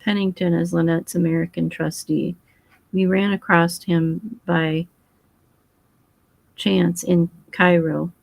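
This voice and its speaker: A woman's voice: lowish voice, level tone, slow pace, creaky, long pauses, dry recording, rough recording. A woman reading as a boyish young husband. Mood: earnest.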